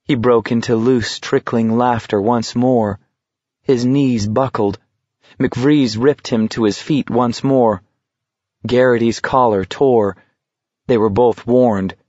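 A man narrating an audiobook in a measured, steady reading voice. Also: mid-range voice, no room sound. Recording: dull lo-fi recording.

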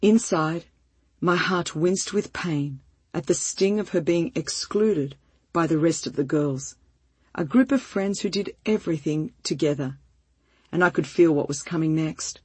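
A woman reading a first-person story aloud in a gentle, heartfelt and measured way, with a breathy voice. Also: low-pitched, dry recording. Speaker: narrator.

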